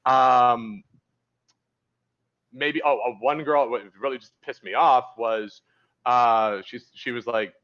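A man's voice: medium pitch, steady tone, takes it slowly, long pauses, a bit bright, lo-fi sound. A man, a dating coach, talking candidly as a podcast guest and rambling through stories with many restarts. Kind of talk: casual podcast interview.

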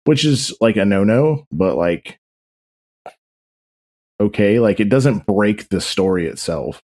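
A man on a casual gaming podcast, giving his opinions at length in a calm, measured way. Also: on the low side. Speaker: podcast guest.

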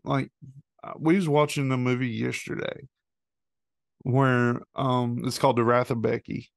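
Male guest, very gravelly fry, mid pitch, dry room. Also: no room sound. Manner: halting, full of "like" fillers. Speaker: podcast guest. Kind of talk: casual chat.

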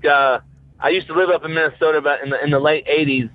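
A man phoning in to a radio show with a cheerful, quick anecdote. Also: fairly high pitch, fairly even intonation. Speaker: caller. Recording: tinny phone line.

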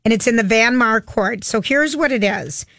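A woman co-hosting a radio show, upbeat and reading announcements briskly in casual chat. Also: on the high side, fairly bright tone, no room sound, studio quality. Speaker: radio co-host.

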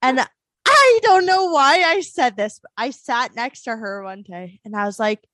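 A woman in her twenties from the US South, hosting a podcast and telling stories in animated, laughing, profane casual chat. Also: a little high, a little slow, dry recording, studio quality. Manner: animated, swearing, laughing storyteller. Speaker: podcast host.

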